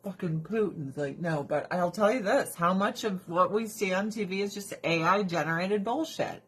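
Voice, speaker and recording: A woman's voice: mid-range voice, moderate pace, fairly bright tone, a little hiss or hum. A woman ranting bluntly and swearing on a casual livestream while doing her skincare, breaking into laughs between remarks. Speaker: livestream host.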